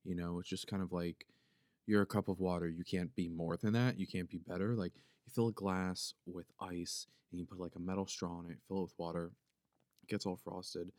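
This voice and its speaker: A man's voice: low voice, little pitch movement, a little fast, darkish tone, no echo, studio quality. A man with a Philadelphia accent hosting a casual solo podcast, rambling and joking as he mushes his consonants together. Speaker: podcast host. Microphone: podcast microphone.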